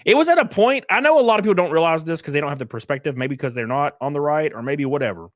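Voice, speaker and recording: A man's voice: fairly high pitch, animated, quick pace, dry recording, clean studio sound. A young man streaming casual commentary, reading chat messages aloud and reacting with swearing and laughter.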